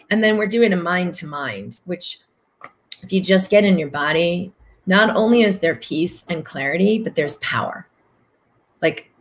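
Earnest woman hosting a spiritual livestream. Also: fairly low pitch. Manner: earnest, repeats phrases for emphasis; acts out other people's voices in quotes. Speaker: livestream host answering viewer comments. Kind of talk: spiritual coaching talk.

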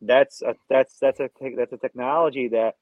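A man's voice: medium pitch, fairly even intonation, normal speed, a little mellow, dry recording. A man co-hosting a podcast, talking casually and eagerly, crude at times and often repeating himself. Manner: enthusiastic, crude, repeats words. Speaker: podcast co-host. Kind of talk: casual film review chat. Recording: dull, dry, slightly lo-fi.

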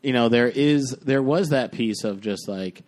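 A man's voice: medium pitch, measured pace, a little mellow. Rambling, cursing male podcast host. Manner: rambling, profane, full of fillers; acts out quoted lines in other voices. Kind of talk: casual storytelling chat.

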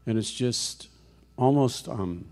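Halting, conversational male guest preacher. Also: mid-range voice, darkish tone. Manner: conversational, halting with frequent restarts, rhetorical questions. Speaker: guest speaker. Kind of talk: sermon. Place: church sanctuary.

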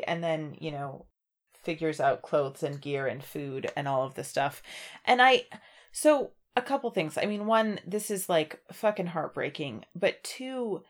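Her lowish voice moves a little slowly as she co-hosts a casual podcast about books. She keeps things conversational, reading passages out in a steady, even voice.

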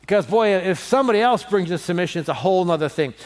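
A man preaching a sermon as pastor in a church, animated and leading the congregation in call-and-response. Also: high-pitched, fast.

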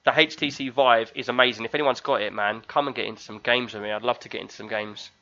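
A man's voice: mid-range voice, quick pace, dull audio. A man in his thirties chatting casually, telling stories animatedly and acting out the screams. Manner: animated storyteller, acts out screams. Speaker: show regular. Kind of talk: casual chat.

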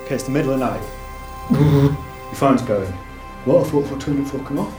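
A man hosting a jokey quiz at a live show, with a deadpan, mock-apologetic delivery. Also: medium pitch, fairly quick. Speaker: comedy show host. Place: live venue. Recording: echoey room with loud music.

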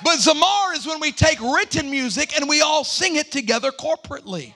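A young man preaching a live sermon in a church, fervent and shouting, with call-and-response to the congregation. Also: very high voice, brisk. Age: young adult. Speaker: pastor. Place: church sanctuary.

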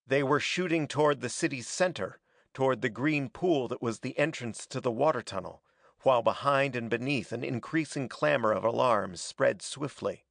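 A man reading a pulp adventure story aloud as a dramatic, steady narrator. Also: medium pitch, moderate pace, vocal fry, no echo, studio quality. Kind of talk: scripted audiobook narration.

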